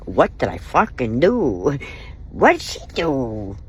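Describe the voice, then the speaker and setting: A woman's voice: extremely low pitch, huge pitch swings, slow, a little hiss or hum, rough recording. A woman venting in an angry, wounded and profane way, speaking straight to the camera about personal hurt. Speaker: vlogger. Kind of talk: emotional personal vent.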